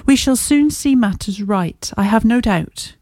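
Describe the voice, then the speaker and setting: A confident Victorian detective, brisk and courteous, speaking in crisp, measured sentences, as a woman reader puts him on. The voice is mellow, and the recording is dry and close. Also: on the high side, expressive, dry recording. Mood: composed.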